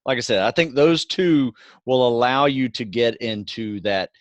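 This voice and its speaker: A middle-aged man co-hosting a podcast, explaining things in a relaxed, casual way and often adding "you know" and "right". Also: medium pitch, moderate pace, dry recording, muffled recording. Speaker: podcast co-host.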